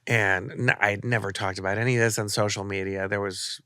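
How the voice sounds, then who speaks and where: A man who is a podcast guest, telling a story with lively acted-out dialogue. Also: on the low side, brisk, smooth, no room sound, studio quality. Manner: vivid storyteller acting out quoted dialogue. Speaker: podcast guest, artist and author. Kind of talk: animated storytelling in conversation.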